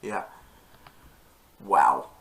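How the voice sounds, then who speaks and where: A man's voice: very slow, a bit bright. A man co-hosting a casual vlog, reacting in a rambling, hesitant way and drifting into side stories. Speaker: co-host reacting to the story. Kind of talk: casual chat commentary.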